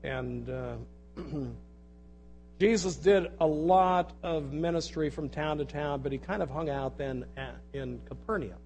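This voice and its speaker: Higher-voiced man preaching a sermon. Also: a little slow, a little hiss or hum. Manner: swings between loud emphatic reading and quiet intimate asides. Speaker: pastor. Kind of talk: sermon with scripture reading.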